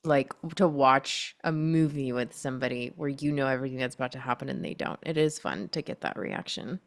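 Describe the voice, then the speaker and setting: Low-voiced woman hosting a chatty podcast. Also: steady tone, brisk. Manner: chatty, laughs easily. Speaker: podcast host. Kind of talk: casual chat.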